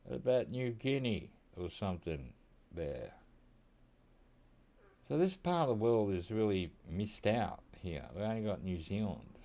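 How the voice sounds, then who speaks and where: Australian man, low-pitched, casual joking game commentary, talks to animals on screen. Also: lively intonation, normal speed, darkish tone. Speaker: gaming streamer.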